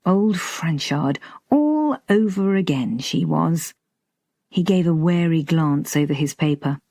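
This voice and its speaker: A woman narrating a romantic comedy audiobook in a measured, lightly expressive way. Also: low-pitched, dry recording, clean studio sound. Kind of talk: scripted narration.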